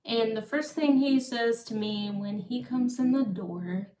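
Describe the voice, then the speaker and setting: Slow-talking woman in an echoey room. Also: fairly high pitch, warm tone. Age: 30s. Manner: rambling, self-interrupting. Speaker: live streamer. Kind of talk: casual live-stream storytelling. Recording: echoey room, far from mic.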